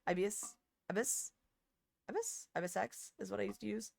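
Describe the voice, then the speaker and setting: A young woman streamer chatting casually with her chat, rambling and interrupting herself, now and then breaking into loud laughter. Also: fairly low pitch, fairly even intonation, fairly quick, creaky, no echo.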